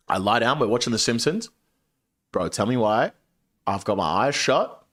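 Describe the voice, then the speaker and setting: A young man spins a story on stream, with his pitch swooping up and down as he swears his way through it. The sound is dry and close, with no room around his voice. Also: moderate pace, no echo. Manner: animated, swears a lot. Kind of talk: casual storytelling.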